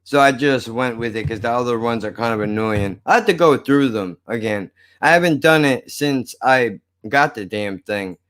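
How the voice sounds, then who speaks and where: A man's voice: mid-range voice, normal speed, hardly any pauses, fairly bright tone. A man streaming live, ranting to his viewers with exasperated, muttered swearing. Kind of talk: frustrated off-the-cuff rant.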